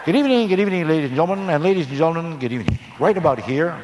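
A man voicing a smarmy male TV variety show host, drawn-out showman announcing. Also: a little high, lively intonation, noisy background, voice pushed up, natural voice.

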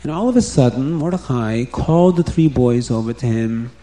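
Animated male storyteller with a mellow voice. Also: medium pitch, normal speed. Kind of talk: storytelling to children.

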